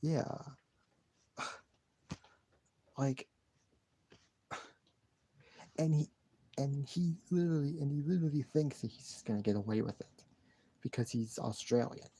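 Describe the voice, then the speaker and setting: A man's voice: medium pitch, a little slow, long pauses, warm tone, slightly rough. A man chatting casually on a live stream, rambling and repeating himself with sighs and restarts.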